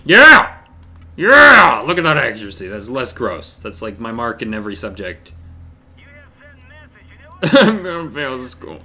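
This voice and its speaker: A man giving solo gameplay commentary, shouting and swearing at the game and cracking sarcastic jokes, with faint game music behind. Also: medium pitch, very animated, normal speed, pauses often. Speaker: let's play gamer.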